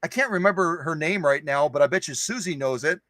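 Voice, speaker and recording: A high-pitched man with a bright, sharp voice hosts a relaxed live stream, greeting viewers one by one. He is playful and goofy and loves wordplay and repetition. His voice sounds dry and close, with no room echo. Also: brisk. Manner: playful and goofy, jokes and repeats phrases.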